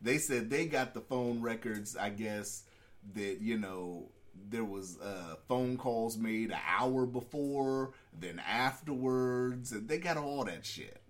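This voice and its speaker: A man's voice: mid-range voice, animated, slow pace. A man co-hosting a casual podcast, talking loosely and profanely about the news, laughing often. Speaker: podcast co-host. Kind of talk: casual chat.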